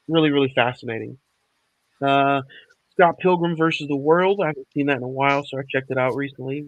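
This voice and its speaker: A man hosting a casual podcast chat, talking in a relaxed, rambling way with lots of fillers. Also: medium pitch, dry recording, highs cut off. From Oklahoma area, USA. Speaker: podcast host.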